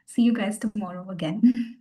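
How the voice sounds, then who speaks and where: A woman, gently guiding a meditation class and encouraging her students. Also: medium pitch, normal speed, rough recording. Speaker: meditation teacher. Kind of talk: online class talk.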